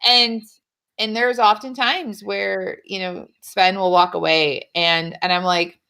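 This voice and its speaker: A woman in casual chat, telling animated stories, acting out quoted lines, swearing and laughing often. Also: medium pitch, slow pace, gravelly, clean tone. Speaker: podcast guest.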